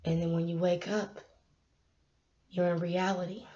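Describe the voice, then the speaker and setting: A young woman, giving a casual motivational talk to her camera, animated and laughing, with sudden loud bursts. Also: fairly low pitch, unhurried. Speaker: YouTube vlogger. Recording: dull lo-fi sound.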